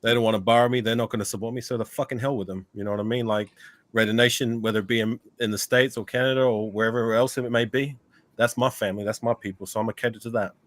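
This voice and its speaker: A man's voice: medium pitch, fairly even intonation, fast talker, no echo. Playful Australian man, dry sound. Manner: playful, laughing easily, swears casually. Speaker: guest. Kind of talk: casual podcast chat.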